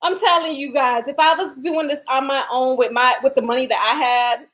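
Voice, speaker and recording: A woman with a high, steady, somewhat bright voice speaks briskly as she hosts a casual giveaway livestream from home. Between laughs and chatter, she reads viewer comments out loud.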